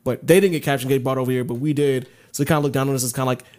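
A man's voice: mid-range voice, steady tone, rapid-fire, a little mellow. A man co-hosting a podcast in casual chat, talking in a rambling, profane way with many restarts. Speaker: podcast co-host.

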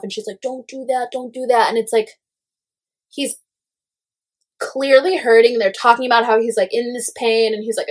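A young woman in casual gossip chat, animated and full of "like" fillers, swearing freely. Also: mid-range voice.

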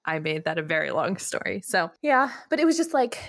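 A young woman telling a story as a podcast co-host, slightly low-pitched, with a lively, laughing delivery. She jumps into high, animated voices when she quotes people. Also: fairly quick. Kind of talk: casual chat, storytelling.

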